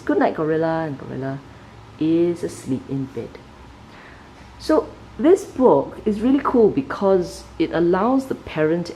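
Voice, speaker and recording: Low-voiced woman reviewing a picture book. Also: a little hiss or hum, rough recording. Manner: animated storytelling, sudden pitch jumps on key words; explains patiently, often checks in with "right?". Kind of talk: casual book flip-through review.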